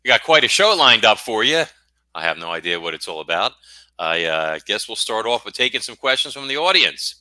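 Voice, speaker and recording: A middle-aged American man with a very deep voice and a sharp, forceful tone. He rambles and cracks self-deprecating jokes as a podcast guest. The sound is dry and close. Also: sing-song, fairly quick, no echo. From United States. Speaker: guest author. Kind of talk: casual podcast interview.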